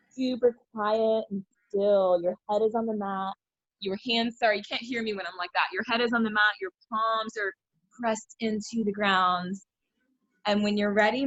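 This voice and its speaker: A woman's voice: a little high, no echo. Cheerful woman teaching kids yoga over a video call, dry close sound. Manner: upbeat, encouraging, laughs often. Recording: dull lo-fi video call audio.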